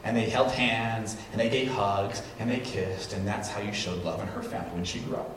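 A man preaching a sermon, animated as he acts out what people said. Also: lowish voice, moderate pace. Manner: animated storytelling, acts out quotes. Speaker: pastor. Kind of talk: sermon with live demonstration. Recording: echoey hall, distant mic, noisy.

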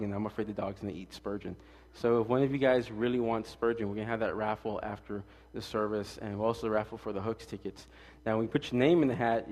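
A male pastor preaching a casual, fast-talking sermon with jokes and stories, swinging between loud emphatic lines and quiet asides. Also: fairly high pitch, long reverb tail.

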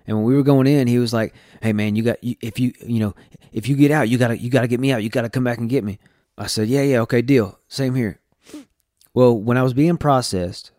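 A man's voice: medium pitch, darkish tone, no echo, clean studio sound. A man from Texas candidly telling his personal testimony as a podcast host, earnest and full of restarts.

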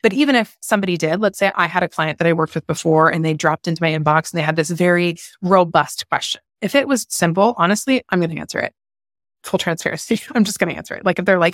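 A woman hosting her own podcast, with a fairly low voice and a candid, passionate delivery. She drops casual swears as she warms up. The sound is close and dry, with no room around her. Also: quick pace, dry recording. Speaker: podcast host. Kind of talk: solo podcast talk.

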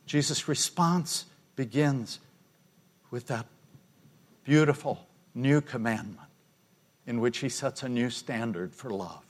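An older man delivers a sermon, retelling a story for his listeners. His voice sits at an ordinary pitch. He speaks with quiet intensity and sinks to a hush at the key moments. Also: slow, long pauses. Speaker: preacher.

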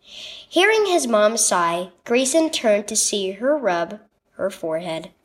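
A woman reading a scripted children's devotional story with expressive storytelling. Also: medium pitch, slow pace. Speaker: devotional narrator.

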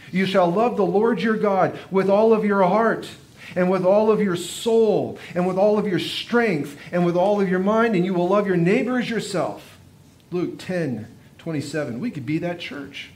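A male pastor preaching a sermon in an earnest way, often repeating phrases and dropping his voice for quiet emphasis. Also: high-pitched.

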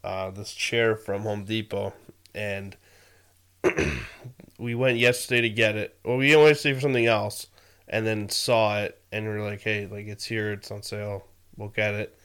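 A man's voice: lowish voice, fairly even intonation, normal speed, a bit bright, smooth. A young man co-hosting a podcast, chatting in an easygoing way and laughing along. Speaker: podcast co-host. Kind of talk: casual podcast chat.

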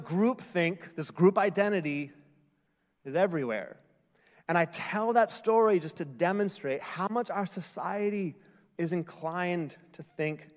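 Male pastor, sermon, relaxed storyteller with dry self-mocking humor, slightly raised pitch, echoey church hall. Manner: conversational storytelling with wry self-deprecating humor. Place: church sanctuary. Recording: echoey hall with long reverb.

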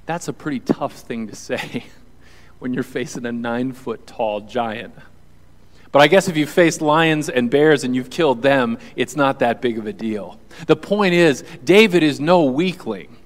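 A man's voice: a little high, lively intonation, measured pace, long reverb tail. A male pastor preaching a sermon to a congregation in an earnest, conversational way. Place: church hall with audience.

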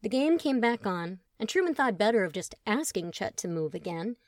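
A woman narrating a story audiobook in an expressive, wry manner. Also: mid-range voice, normal speed, no echo, clean studio sound.

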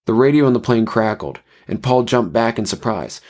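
A man narrating a scripted horror story in a measured way. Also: medium pitch, expressive, a little mellow.

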